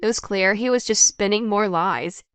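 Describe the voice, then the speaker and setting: A woman reading a first-person story aloud as narrator, in a plain, steady way. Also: medium pitch, normal speed, clear, resonant tone, faint music behind.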